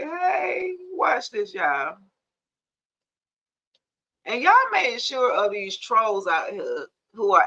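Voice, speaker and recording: Woman, casual live-stream chat, bright forceful voice, slightly dull lo-fi sound. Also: on the low side. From Georgia, US. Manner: chatty and animated, addresses viewers as y'all, laughs often. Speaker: tarot reader and live-stream host.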